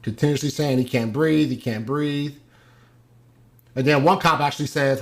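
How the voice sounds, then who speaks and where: A man's voice: medium pitch, normal speed. Hesitant man giving casual commentary. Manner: hesitant, many ums and restarts. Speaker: host.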